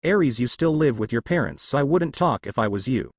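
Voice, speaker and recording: A man's voice: medium pitch, expressive, a little fast, dry recording, studio quality. A man reading the lines of a stern, scolding goddess queen in his own voice.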